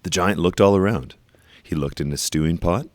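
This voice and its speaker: A man reading a children's storybook aloud, leaning slowly and emphatically on repeated phrases. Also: sits low, a little mellow.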